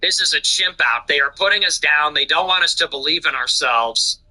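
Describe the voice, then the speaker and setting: Male streamer host, high bright voice, casual, mocking, profane. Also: a little fast, poor audio. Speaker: livestream host. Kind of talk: casual livestream commentary.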